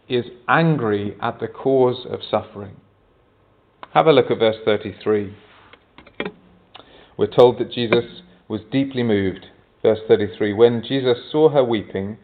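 A man preaching a sermon, earnest, often turning to the congregation with rhetorical questions. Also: medium pitch. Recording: tinny phone-like sound.

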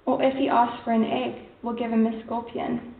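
A woman reading scripture aloud in a church in a steady, even manner. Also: on the high side, moderate pace, gravelly. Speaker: scripture reader. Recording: distant, roomy, tinny phone-like.

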